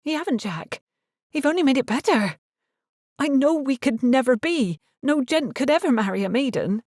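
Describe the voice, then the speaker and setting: A woman voicing an earnest, shy young Cornish working girl in a dialect, with a soft, pleading manner. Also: high-pitched, animated, normal speed, dry recording, studio quality, voice pushed up.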